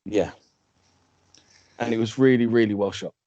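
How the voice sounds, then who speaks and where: A man's voice: lowish voice, normal speed, mellow, no room sound, lo-fi sound. A man co-hosting a casual wrestling chat, amused and easygoing. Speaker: podcast co-host.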